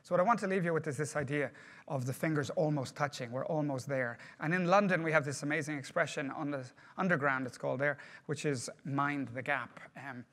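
Male trainer, brisk delivery, slightly high voice, chatty presenter who quizzes the room. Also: a bit bright. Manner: conversational, questions the audience. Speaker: project management trainer. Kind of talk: workshop presentation to a group.

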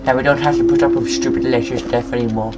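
A young man giving casual, excitable game commentary at his computer, swearing often and talking to himself. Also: medium pitch, fast talker, loud music behind the voice. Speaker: gaming video maker. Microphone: computer mic, no headset.

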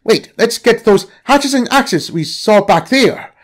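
A man voicing an eager teenage boy adventurer who shouts excited warnings. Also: high-pitched, a little slow, voice pushed up. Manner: excited exclamations.

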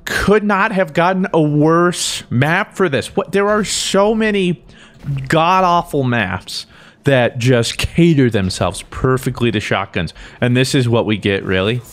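A young man giving excitable, joking gameplay commentary, talking to himself as he plays. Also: medium pitch, unhurried. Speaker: gaming YouTuber.

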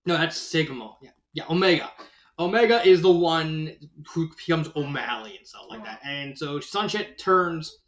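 A man's voice: on the high side, lively intonation, moderate pace. A man casually reviewing a fan story, rambling with many fillers and restarts. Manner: laughs at his own retelling. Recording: roomy echo.

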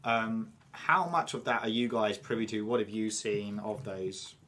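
A man's voice: fairly low pitch, fairly even intonation, a little slow, a bit bright. An English man hosting a casual podcast chat, rambling with lots of fillers. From England. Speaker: podcast host.

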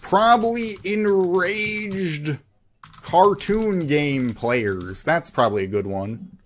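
A man streams a cartoon game with live commentary, reading other players' chat aloud and answering it with mocking sarcasm. His voice sits high and is expressive, and he speaks slowly.

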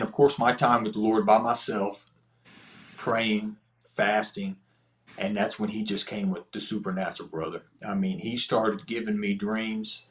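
As a guest on a podcast, a man earnestly recounts his testimony, a slangy prison story full of quoted dialogue and casual phrasing. He has a lowish, slightly bright voice.

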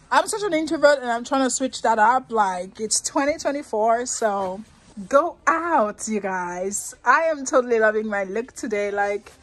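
Young woman, casual shopping vlog, chatty, slow delivery, frequent laughs. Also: fairly high pitch. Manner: chatty, excitable, laughs often. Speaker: vlogger. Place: shopping mall.

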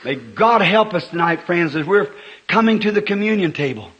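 A man preaching a sermon at a church service, swinging from hushed, folksy talk to sudden impassioned shouts. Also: sits high, very animated, normal speed, lo-fi sound. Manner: folksy, homespun phrasing. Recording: echoey old church sermon recording.

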